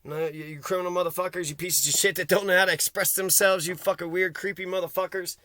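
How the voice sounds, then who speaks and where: A man from Kentucky vents in an agitated, profanity-laced rant, jumping from thought to thought. His voice sits high and sounds sharp and tense. The sound is dry and close, with little room around it. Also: flat delivery, fast, no echo. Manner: agitated, swearing constantly, rambling. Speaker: vlogger. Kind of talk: angry profane rant to camera.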